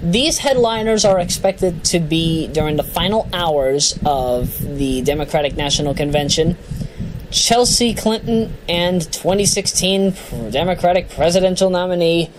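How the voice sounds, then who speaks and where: A man's voice: high-pitched, a little slow, noisy background. A man giving casual political commentary who jokes, stumbles over names and laughs at himself. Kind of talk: casual commentary reading a list.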